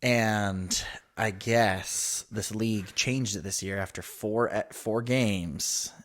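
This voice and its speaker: A man's voice: on the low side, slow pace. A man in his thirties co-hosting a podcast, telling a story in casual chat and quoting the people in it. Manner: animated storyteller, quotes others in voices. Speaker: podcast co-host.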